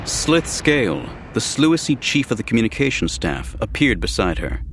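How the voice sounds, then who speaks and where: A man narrating an audiobook in a steady, measured way. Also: fairly low pitch, a little hiss or hum. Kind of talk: scripted narration.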